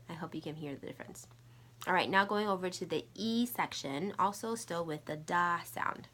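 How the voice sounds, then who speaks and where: A woman's voice: on the low side, moderate pace, fairly bright tone. A middle-aged woman teaching Mandarin, patiently repeating sounds and tones for learners to copy. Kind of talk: slow, patient language lesson with drills.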